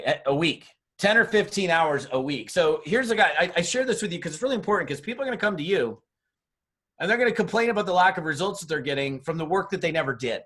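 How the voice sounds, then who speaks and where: A middle-aged man with a mid-range, slightly bright voice works as a network marketing trainer. On his motivational webinar he gives blunt, tough business training, illustrating it with stories where he plays out the dialogue, recorded on a webinar mic.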